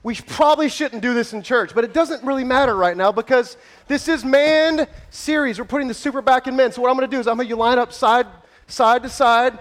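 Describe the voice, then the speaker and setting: A man pastor running a playful contest in front of his church, joking and shouting with excitement, then winding down out of breath with a scratchy throat. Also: extremely high pitch, brisk. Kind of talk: lively church service hosting. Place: large church hall with congregation.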